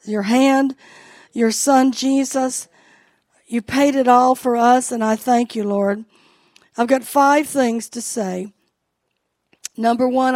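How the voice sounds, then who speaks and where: A woman's voice: a little high, a little mellow, no echo. A woman pastor giving a heartfelt sermon, speaking directly to her congregation.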